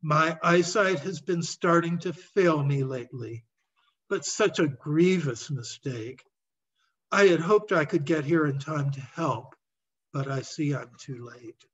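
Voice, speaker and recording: A man's voice: on the high side, unhurried, a bit bright, breathy edge, distant mic, dull audio. A man reading a storybook aloud and voicing a remorseful woman herbalist whose eyesight is failing, apologizing in a wailing way.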